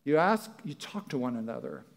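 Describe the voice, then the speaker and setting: A man's voice: mid-range voice, huge pitch swings, brisk, gravelly. A male pastor preaching a sermon in a church, talking conversationally and acting out what people might say. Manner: conversational, acts out quoted voices.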